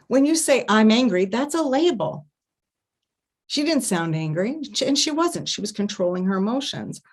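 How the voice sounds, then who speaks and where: A woman giving an online festival talk as an intimacy coach, expressive, humming and acting out little sounds to demonstrate her points. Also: medium pitch, fairly quick. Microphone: online video talk.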